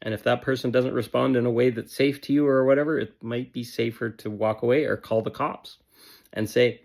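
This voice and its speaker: A man's voice: mid-range voice, steady tone, brisk, gravelly, darkish tone. A man giving a motivational self-help talk in an emphatic, repetitive and blunt way, with casual swearing.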